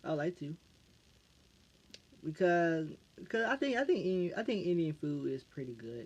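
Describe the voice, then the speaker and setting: A man's voice: fairly high pitch, animated. An American man answering fan questions in a casual vlog, stumbling and restarting his phrases again and again. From United States. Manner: halting, restarts phrases over and over. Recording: dull lo-fi recording.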